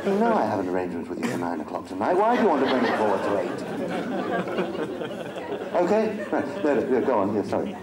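Middle-aged guy cracking dry jokes on a panel, lively sing-song delivery, roomy hall with crowd chatter. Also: fairly low pitch, fast talker. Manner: wry, dry self-mocking humor. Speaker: convention panel guest. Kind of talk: joking panel talk. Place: convention hall with audience. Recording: echoey hall with crowd noise.

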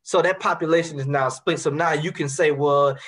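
A man's voice: on the high side, steady tone, a little fast, fairly bright tone, slightly rough. A man from Baton Rouge with a Louisiana accent, talking passionately in a casual conversation and repeating words as he builds his points. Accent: Southern US, Louisiana. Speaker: guest.

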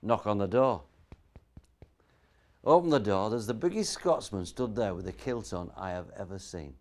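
A middle-aged man with a Yorkshire accent, telling stand-up one-liners in a wry, deadpan way. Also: lowish voice, normal speed. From Yorkshire Dales, England. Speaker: stand-up comedian.

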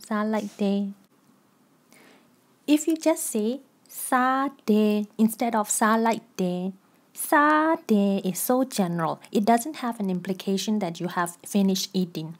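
A woman's voice: mid-range voice, a little slow. A woman teaching a language lesson, patiently repeating example phrases and explaining their meaning.

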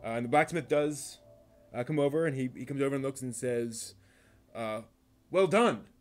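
A man narrating a tabletop game during a live stream while he paints miniatures, rambling with many pauses and restarts. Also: medium pitch, soft background music.

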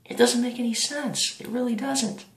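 A man voicing a whiny, awkward, lonely teenage boy who talks haltingly and repeats himself. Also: extremely high pitch, fairly even intonation, vocal fry, a bit bright, reverberant, pitched above the performer's own voice, exaggerated voice.

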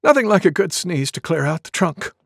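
A man voicing a big, polite male elephant in a storybook, speaking slowly and courteously. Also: high voice, big pitch swings, gravelly, a bit bright, husky, no echo, studio quality, voice pushed up, exaggerated voice. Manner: slow, courteous and plain.

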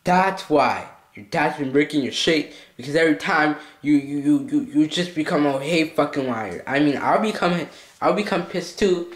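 A man's voice: fairly high pitch, lively intonation, normal speed, reverberant. A male vlogger in an agitated comedic skit, swearing a lot and stammering over his words. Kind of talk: comedic self-argument skit.

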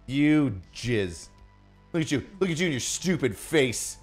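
Loud mock-angry man ranting. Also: mid-range voice, animated, a little slow, faint music behind. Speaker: podcast host. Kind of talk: casual roast banter.

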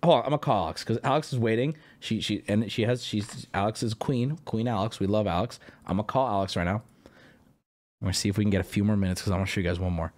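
A man streaming live, reacting to videos with loud, profane mock-rage rants broken up by mumbled asides. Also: lowish voice, fast talker. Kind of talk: casual live-stream commentary.

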